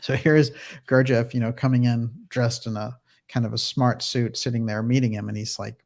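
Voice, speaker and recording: A man's voice: mid-range voice, steady tone. Casual male talk show host. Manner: casual storytelling with quick laughs; conversational fillers and restarts. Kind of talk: livestream commentary and reading.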